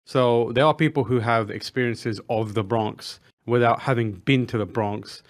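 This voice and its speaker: A man's voice: mid-range voice, steady tone, normal speed. A man co-hosting a podcast, talking in an earnest, thoughtful way with frequent restarts. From outside America. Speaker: podcast co-host. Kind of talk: casual chat.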